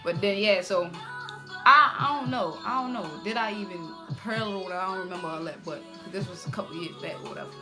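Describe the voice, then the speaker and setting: A young woman telling a casual storytime, animated and slangy, punctuating with "boom". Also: fast, over music. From Baltimore.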